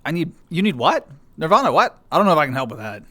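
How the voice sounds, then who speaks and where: With no room sound, this livestreamer speaks quickly in a fairly high, very animated, pushed and bright voice. Though tired and lower on energy, he goofily greets his viewers one at a time in casual chat and makes fun of himself.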